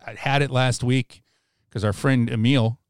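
A man's voice: medium pitch, fairly even intonation, a little slow, clean tone, no echo, studio quality. A man co-hosting a casual hockey podcast, joking and laughing often. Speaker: podcast co-host.

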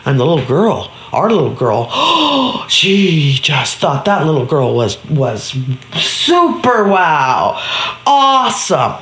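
Lady telling a kids story, super expressive voice, roomy echo. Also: low voice, takes it slowly. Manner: animated, acts out voices and sound effects. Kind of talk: improvised bedtime story narration.

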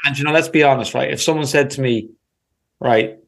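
A man's voice: mid-range voice, brisk, creaky. A man co-hosting a casual podcast, rambling easily through answers and swearing now and then. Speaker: podcast co-host.

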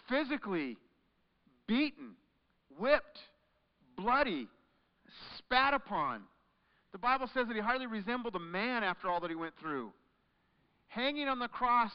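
A man delivers a sermon as pastor with a fairly high, smooth, resonant voice. He drops to near-whispers and then rises to loud, forceful lines. The recording is dull and carries a long echo from a large church hall. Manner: dramatic swings from hushed to loud.

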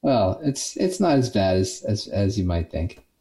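Low, dark-voiced man from Vermont. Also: very animated, a little slow. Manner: laid-back, brief interjections. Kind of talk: casual chat.

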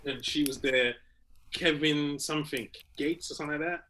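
A young British man co-hosting a comedy chat, his voice a touch high for a man. He talks in a cheeky, teasing way and slips into mock voices for his jokes. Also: fairly even intonation, moderate pace, pushed and bright. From Britain. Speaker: comedian podcast co-host. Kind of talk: casual chat.

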